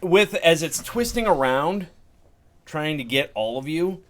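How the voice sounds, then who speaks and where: A man running a tabletop game as dungeon master, narrating combat and rolling dice in a relaxed, chuckling way. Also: on the high side, a little slow.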